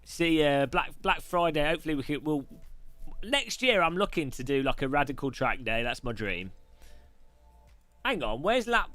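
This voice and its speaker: Male streamer, a bit high, bright and forceful, rambling and jokey. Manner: chatty, jokey, rambling with restarts. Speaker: streamer host. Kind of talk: casual live-stream chat.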